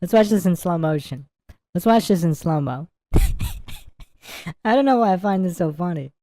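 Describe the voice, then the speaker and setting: Expressive and fairly quick, this woman's lowish, mellow voice is recorded dry. On her casual livestream she reacts to a sports clip, rambling and repeating herself while she keeps dissolving into giggles.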